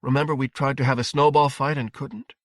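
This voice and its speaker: A man's voice: medium pitch, fairly quick, no echo, studio quality, pitched above the performer's own voice, natural voice. A man reading aloud, voicing a frightened little boy who trembles and pleads. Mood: earnest. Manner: trembling, struggling to stay calm.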